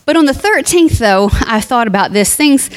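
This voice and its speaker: Woman, funeral eulogy, sermon-like, heartfelt, conversational, speaks to family, fairly high voice. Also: expressive, moderate pace. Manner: reads scripture aloud.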